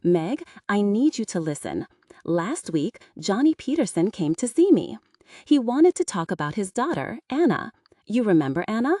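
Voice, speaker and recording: A woman voicing a stern, wealthy middle-aged father in a scripted audiobook reading, in a lowered, firm voice. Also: sing-song, normal speed, mellow, no room sound, clean studio sound, distant mic.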